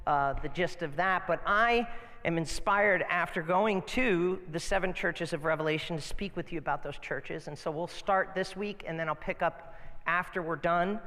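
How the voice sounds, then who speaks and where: A man's voice: high-pitched, normal speed. A man pastor preaching a sermon in a conversational, storytelling way. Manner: conversational, animated storytelling with restarts. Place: church sanctuary. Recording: church hall with long reverb.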